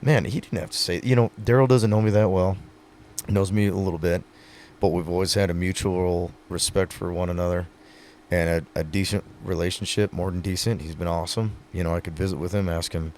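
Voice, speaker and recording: A low-pitched man with a gravelly, creaky voice tells stories earnestly in a relaxed podcast chat. He is a pro rodeo rider. A faint hiss sits behind the recording. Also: fairly quick. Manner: earnest, storytelling, many fillers. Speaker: retiring pro rodeo athlete, guest. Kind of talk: casual podcast conversation.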